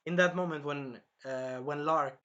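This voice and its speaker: A man recapping and reviewing an anime episode in a rambling, self-correcting way, with a sore throat that he keeps clearing, acting out the characters' lines. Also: fairly high pitch, a little slow, bright, forceful tone, muffled recording. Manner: rambling, jumps around and corrects himself, acts out characters' lines.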